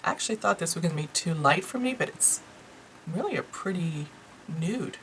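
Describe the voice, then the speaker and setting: A woman's voice: fairly low pitch, expressive, moderate pace, a little hiss or hum, low-quality recording. A woman with a New York accent casually and enthusiastically reviewing beauty products she bought, chatting to her viewers. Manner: chatty, enthusiastic, lots of fillers. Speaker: beauty vlogger.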